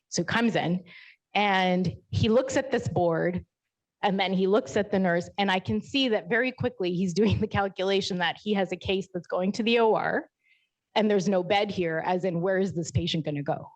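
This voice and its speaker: A woman physician giving a keynote talk, telling stories in a lively, humorous and frank way. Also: medium pitch. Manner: lively, humorous storytelling, self-mocking, frank.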